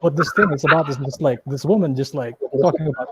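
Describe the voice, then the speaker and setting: A man's voice: on the high side, quick pace, few pauses, low-quality recording. A man telling a rambling story in casual chat, full of "like" and "you know". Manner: rambling storyteller, many fillers.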